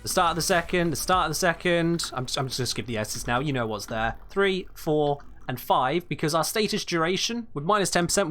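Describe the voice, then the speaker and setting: A man's voice: fairly high pitch, a bit bright. A young man explaining game mechanics on a live stream, emphatic and blunt when he answers chat.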